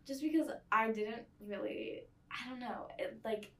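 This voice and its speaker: A young woman co-hosting a podcast, reviewing a movie casually in halting speech full of fillers and trailing off. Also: fairly high pitch, a bit bright. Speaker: podcast co-host. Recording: echoey room, far from the mic.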